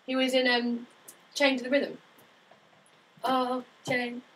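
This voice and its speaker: Female co-host, higher voice, teasing and rambling, slightly distant mic. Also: flat delivery, moderate pace, a bit bright. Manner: teasing, rambling, many fillers. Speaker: podcast co-host. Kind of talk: casual chat.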